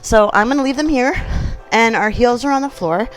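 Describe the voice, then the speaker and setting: A woman fitness instructor leading a gentle exercise class, chatty and encouraging, counting reps aloud. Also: a little high, normal speed, low-quality recording. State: out of breath at times.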